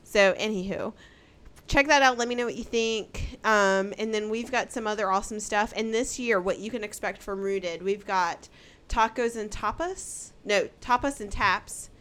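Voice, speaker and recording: A woman co-hosting a podcast in casual chat, bubbly and excitable, laughing easily. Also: medium pitch, normal speed. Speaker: podcast co-host.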